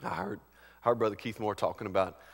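A male pastor delivering a sermon, swinging between loud, emphatic preaching and quiet, conversational storytelling. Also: on the low side, sing-song, brisk, gravelly, big-room sound.

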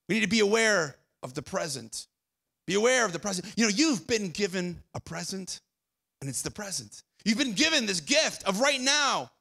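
A young man preaching a sermon as pastor, conversational, repeating phrases and dropping quiet for emphasis. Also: high-pitched, lively intonation, fast, gravelly. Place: church auditorium.

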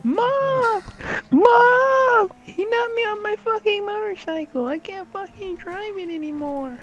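A man's voice: slow pace, a bit bright, lo-fi sound, heavily acted. A man putting on the voice of a whiny little boy who screams for his mom while gaming. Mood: whiny yelling. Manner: shrill, whining, screaming.

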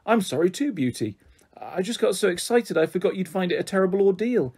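A man reading the part of an excitable, affectionate young mother with an effusive, tender manner. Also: high voice, brisk, slightly rough, exaggerated voice. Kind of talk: audiobook character voice.

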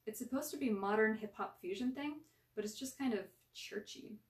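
A woman's voice: fairly high pitch, moderate pace, roomy sound, far from the mic, lightly acted. A woman voicing a wry, teasing preteen girl who likes to take charge. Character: sassy preteen girl who mocks and leads.

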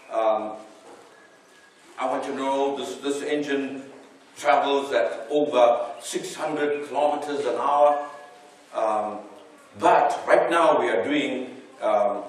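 A man preaching a sermon, swelling and dropping his voice as he drives his points home. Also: on the high side. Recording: echoey hall, voice from far off the mic.

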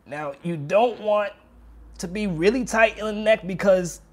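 A man with a high, slightly slow voice teaches trumpet casually, addressing viewers head-on. Cheerful and practical, he shows techniques by imitating strained voices.

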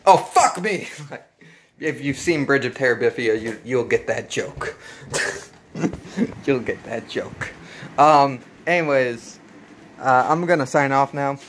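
A man's voice: mid-range voice, slow, long pauses, fairly bright tone, a little hiss or hum. A man hosting a casual, profane movie recap, laid-back and laughing often. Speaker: host.

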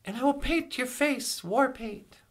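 A man's voice: very high-pitched, measured pace. A man voicing a cheerful, rambling male frog puppet who calls in to tell a joke, with lots of restarts and asides. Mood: joking. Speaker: caller telling a joke. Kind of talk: comedic call-in impression.

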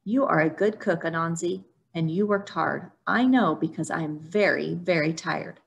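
A woman voicing a sly, sleepy male turtle in a storybook reading, calm and drowsy. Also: fairly low pitch, moderate pace, gravelly.

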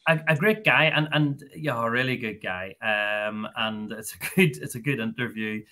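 A man's voice: medium pitch, moderate pace, bright, forceful tone. A man hosting a podcast, chatting in a rambling, friendly way with many fillers. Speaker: podcast host. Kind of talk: casual chat.

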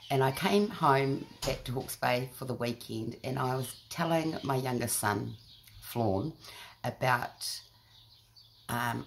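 A woman's voice: rumbling low, slow pace, creaky, a little hiss or hum. A middle-aged woman with a New Zealand accent, telling self-mocking stories in a chatty vlog. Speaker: vlogger. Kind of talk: casual storytelling to camera.

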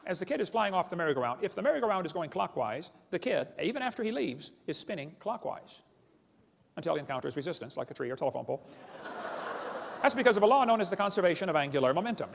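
A man's voice: high-pitched, very animated, vocal fry. A man giving a blunt, mocking lecture to an audience, often calling ideas stupid and talking down to them as boys and girls. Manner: rapid-fire, addresses audience as boys and girls. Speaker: creationist lecturer. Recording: lecture hall reverb.

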